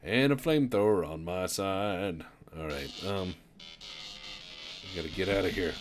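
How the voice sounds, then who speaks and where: A man giving casual gameplay commentary with wry, deadpan asides. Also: low voice, a little slow, faint music behind. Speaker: gamer.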